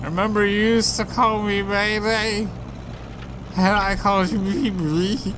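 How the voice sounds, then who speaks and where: A man's voice: little pitch movement, noisy background. A man doing Mae, a giddy drunk cat girl. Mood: pleading. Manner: reads in a high, sing-song voice with drawn-out words. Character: drunk, clingy young woman cat, apologetic and giddy.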